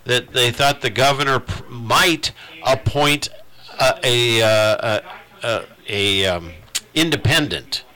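A man hosting a radio talk show, chatting casually in a halting way with many restarts. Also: medium pitch, bright, forceful tone. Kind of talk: casual on-air chat.

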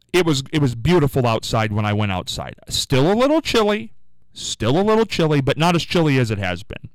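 A man hosting a morning call-in radio show, telling rambling stories in a chatty, animated way. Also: medium pitch, smooth, dry recording, rough recording. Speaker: radio talk show host. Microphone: studio microphone.

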